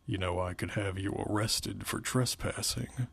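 A man reading aloud, voicing a gaunt, sneering middle-aged night guard in a slow, low, menacing way. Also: fairly even intonation, vocal fry, fairly bright tone, husky, heavily acted.

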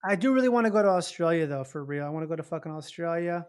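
A man's voice: on the high side, expressive, racing, clear, resonant tone. A man hosting a loose, profane, rambling casual chat. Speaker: podcast host.

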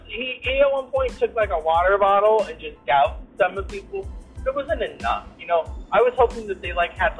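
A man excitedly recapping in casual chat. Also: a little high, husky, poor audio. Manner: excited, gushing.

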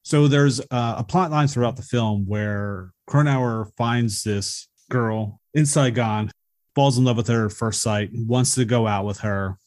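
A man co-hosting a casual movie podcast, calmly recounting plot points and favorite moments. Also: mid-range voice, a little slow. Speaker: podcast co-host.

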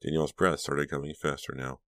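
A man narrating an audiobook in a measured storytelling manner. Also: a bass voice, little pitch movement, fairly bright tone, no echo. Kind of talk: scripted narration.

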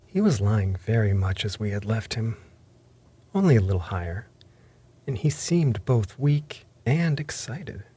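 A man reading a story aloud in first-person narration, measured and even. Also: fairly low pitch, husky. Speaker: audiobook narrator.

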